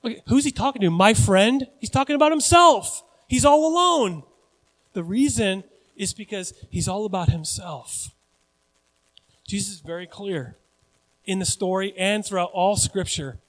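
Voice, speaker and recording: A pastor in his forties preaching a sermon in a joking, conversational, animated way. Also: sits high, moderate pace. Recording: long church hall reverb.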